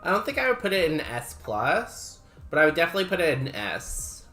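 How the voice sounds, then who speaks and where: A man streaming a game, chatting casually and musing aloud in a wry, unhurried way. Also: fairly high pitch, very animated, sharp tone, faint music behind. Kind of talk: casual livestream chat.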